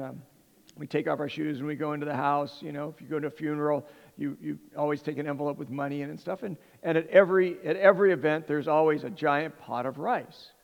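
A man's voice: fairly high pitch, vocal fry, long reverb tail, highs cut off. A middle-aged man from Southern California telling a humorous personal story to an audience, rambling and restarting his sentences. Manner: rambling, self-interrupting, animated. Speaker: speaker addressing an audience.

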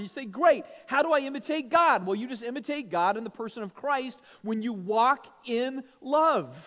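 A man delivers a sermon with a notably high pitch, talking conversationally to his congregation. He keeps adding "right?" to draw the room in. The sound is dull and lo-fi, and it echoes in a large hall. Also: a bit bright. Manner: conversational, frequent "right?" tag questions. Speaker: pastor. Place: church sanctuary.

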